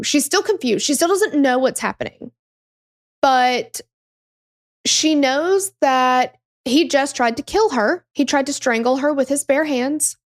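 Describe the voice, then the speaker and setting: Woman, true crime podcast host, casual storytelling, emphatic, curses freely, fairly high voice. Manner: conversational, swears freely, emphatic.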